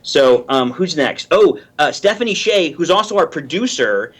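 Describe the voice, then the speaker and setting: A man chatting on a podcast over a video call, halting and repeating words as he tells stories. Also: a little high, expressive, a bit bright, husky. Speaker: guest actor and producer. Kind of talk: casual podcast chat.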